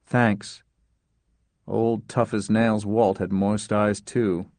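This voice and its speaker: A man narrating a story as an audiobook in a measured, understated way. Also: on the low side, flat delivery, darkish tone, no room sound.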